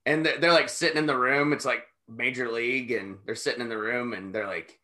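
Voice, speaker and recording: A man's voice: medium pitch, normal speed. A man co-hosting a podcast, watching an old wrestling match and joking around in casual, profane chat. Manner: animated, profane, jokey riffing. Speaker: podcast co-host.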